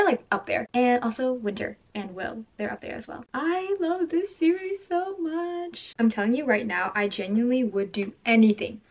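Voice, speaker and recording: A woman chatting casually in a reading vlog, gushing and excitable, often restarting her sentences. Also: mid-range voice. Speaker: book vlogger.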